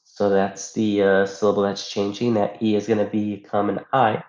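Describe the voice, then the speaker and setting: A man's voice: fairly low pitch, flat delivery, moderate pace, darkish tone. A man teaching a Spanish grammar lesson, explaining patiently step by step and asking rhetorical questions. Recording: echoey room, dull lo-fi sound.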